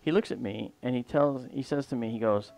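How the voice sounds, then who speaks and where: Gravelly-voiced man telling a rambling story. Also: mid-range voice, brisk, a little mellow, faint music behind. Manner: rambling and anecdotal, often trailing off mid-sentence. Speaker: livestream host. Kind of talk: casual spoken storytelling.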